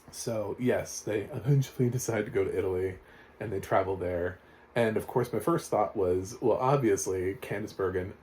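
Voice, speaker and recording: A man's voice: fairly low pitch, a little mellow, a little hiss or hum. A man reviewing a film in casual, rambling talk with sarcastic asides.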